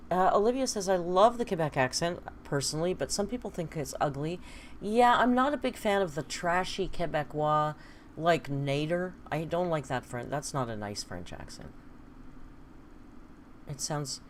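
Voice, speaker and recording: A woman's voice: low-pitched, slight background noise. A woman hosting a casual livestream from home, chatty and wry, reading viewer comments aloud. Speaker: livestream host. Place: home, indoors.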